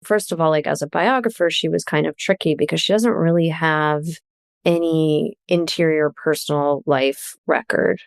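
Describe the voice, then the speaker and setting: A woman with a low, gravelly voice talks as a podcast guest, animated and quick to laugh. The recording is dry and close to the mic. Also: dry recording. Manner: animated, laughs while telling stories. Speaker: guest, journalist and author. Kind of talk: casual podcast conversation.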